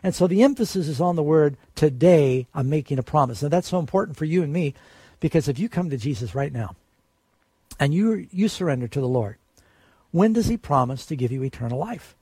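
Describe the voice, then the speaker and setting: A man's voice: a little high, lively intonation, a little fast, dark tone, husky, no echo. A man preaching a sermon in an earnest way, lifting his voice to stress the quoted promises.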